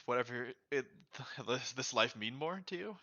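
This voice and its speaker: An earnest female adventurer , as a man puts her on in a tabletop game, searching for words as she pleads. The voice is bright and pointed, sitting mid-range. It comes through a dull, lo-fi mic in a dry space. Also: medium pitch, animated, normal speed, no room sound. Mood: pleading. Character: earnest female character speaking gently to a horse.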